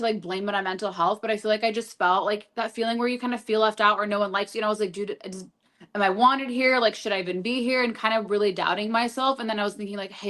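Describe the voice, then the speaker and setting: A woman's voice: mid-range voice, pushed and bright. A young woman guesting on an interview podcast, chatting casually as a reality TV contestant, rambling with lots of "like". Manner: rambling, filler-heavy storytelling with lots of "like".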